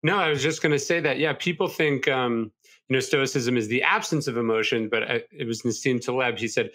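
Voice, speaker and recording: A man's voice: medium pitch, a little fast, fairly bright tone. A male podcast host in an interview, speaking in a reflective, thoughtful way with small hesitations. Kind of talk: interview conversation.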